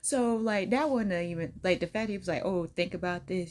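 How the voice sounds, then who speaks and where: A woman's voice: on the low side, fairly quick, few pauses, darkish tone. A young adult woman hosting a reaction video, chatting casually in a slangy, laughing storytelling way. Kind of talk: casual chat.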